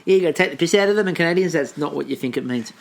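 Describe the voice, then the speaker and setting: A man's voice: on the high side, expressive, racing, vocal fry, background noise. An Australian man co-hosting a casual podcast, joking and laughing often as he chats. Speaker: podcast co-host. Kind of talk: casual chat.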